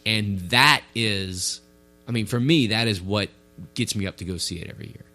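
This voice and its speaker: Man, podcast co-host, lowish voice, earnest and halting. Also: sharp tone. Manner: earnest, halting, with frequent restarts. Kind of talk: casual chat.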